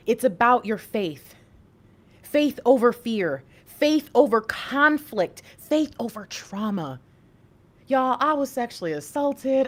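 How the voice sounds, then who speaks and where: A woman in her thirties with a fairly high voice, hosting a spiritual reading livestream. She talks to her chat in an animated, preaching style. Her tone is lively and direct. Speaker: intuitive reader and livestream host.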